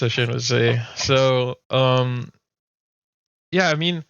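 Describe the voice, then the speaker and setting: A man's voice: medium pitch, slow pace, gravelly, fairly bright tone, clean tone, dry recording, muffled recording. A man hosting a podcast, chatting casually and easygoingly, laughing often. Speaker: podcast host and league commissioner. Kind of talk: casual chat.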